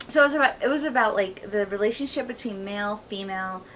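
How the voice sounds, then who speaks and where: A woman's voice: medium pitch, fast talker, fairly bright tone, recorded from a distance, a little hiss or hum, low-quality recording. A woman co-hosting a podcast, speaking candidly and firmly in casual conversation, with frequent fillers. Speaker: podcast co-host.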